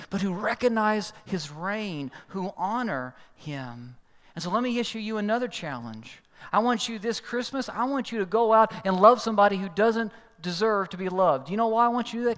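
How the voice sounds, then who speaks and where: A man preaching a sermon as pastor, telling a story and acting out the people in it with sudden changes of voice. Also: fairly bright tone. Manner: storytelling, acts out quoted voices with big pitch jumps. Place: large church hall. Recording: long hall reverb.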